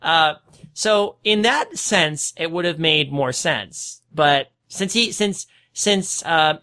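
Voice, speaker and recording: Animated bright-voiced man discussing a film. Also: fairly high pitch. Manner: rambling, animated, with frequent restarts. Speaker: podcast co-host.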